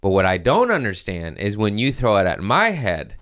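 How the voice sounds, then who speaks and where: Low smooth guy, podcast host, rambling profane stories, dry close mic. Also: wildly swooping pitch, normal speed, fairly bright tone, no room sound. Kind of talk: casual podcast chat.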